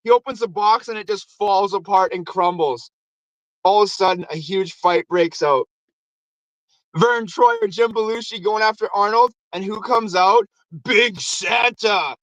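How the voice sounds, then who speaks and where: High-voiced guy ranting about a movie, casual and sweary, dry sound. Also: normal speed, no room sound, highs cut off. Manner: animated, acts out quotes in raised voices. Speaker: show host. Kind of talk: excited movie recap.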